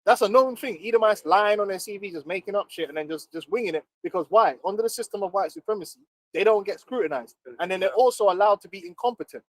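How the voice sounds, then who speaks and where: A man's voice: sits high, fast talker, hardly any pauses, no room sound, low-quality recording. A man on a casual livestream, ranting emphatically with plenty of profanity. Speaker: livestream co-host. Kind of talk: casual heated chat.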